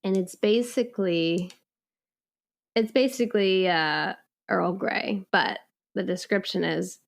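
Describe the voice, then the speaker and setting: Giggly woman podcast cohost, bit of gravelly fry in her voice, upbeat. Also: medium pitch, slow pace. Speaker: podcast co-host. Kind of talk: casual chat.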